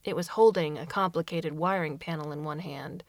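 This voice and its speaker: Low-voiced woman narrating a story. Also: moderate pace, no echo. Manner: expressive reading that shifts into character voices. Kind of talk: audiobook narration.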